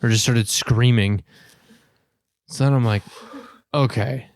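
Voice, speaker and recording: A man's voice: mid-range voice, steady tone, slow, dry recording. A man co-hosting a podcast, telling a long crude story casually and laughing often. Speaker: podcast co-host.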